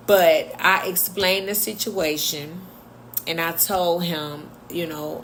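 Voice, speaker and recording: Woman, low-pitched voice, casual storytime, blunt and sarcastic, faint background hiss. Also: unhurried, a bit bright. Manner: blunt, chatty, sarcastic asides. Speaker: vlogger.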